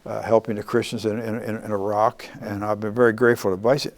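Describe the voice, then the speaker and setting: An older man, a former congressman, speaking earnestly as an interview guest, with many halting restarts. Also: lowish voice, little pitch movement.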